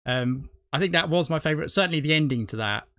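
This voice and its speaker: A man's voice: a little high, expressive, fast talker, bright, forceful tone, dry recording, studio quality. A man, the host of a reaction video, rambling chattily and laughing often. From not from the US. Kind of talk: casual chat.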